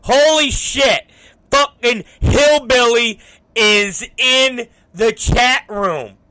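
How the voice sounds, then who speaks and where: A man hosting a talk show, telling a story in a casual, profane, animated way. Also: very high voice, extremely slow, clear, resonant tone, no room sound. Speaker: show host.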